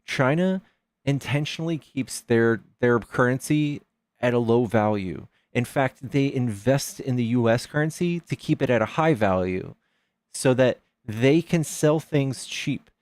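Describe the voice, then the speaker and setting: Male stream host, mid pitch, heated and profane, peppers the caller with questions; dry close recording. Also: unhurried, a little mellow, no echo. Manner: argumentative, profane, fires rhetorical questions. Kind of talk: heated live debate.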